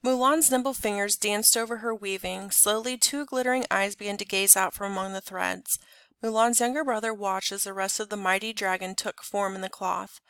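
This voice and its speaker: Bright-voiced woman reading a story aloud. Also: medium pitch, moderate pace, no room sound. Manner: clear, expressive read-aloud. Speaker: storybook reader. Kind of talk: scripted narration.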